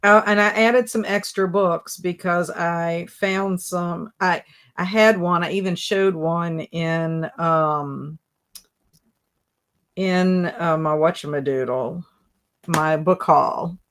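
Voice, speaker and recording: A woman's voice: fairly low pitch, steady tone, slow pace, a bit bright. A woman hosting a casual book livestream, reading viewer comments aloud and laughing often. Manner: giggly, chatty, laughs often at viewer jokes. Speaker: booktube livestream host.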